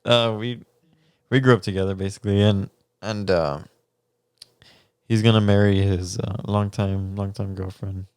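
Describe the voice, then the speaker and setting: A man's voice: lowish voice, flat delivery, moderate pace, darkish tone, clean tone, no echo, clean studio sound. A young man, co-hosting a podcast and telling a story in casual chat, laughing often and swearing casually. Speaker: podcast co-host.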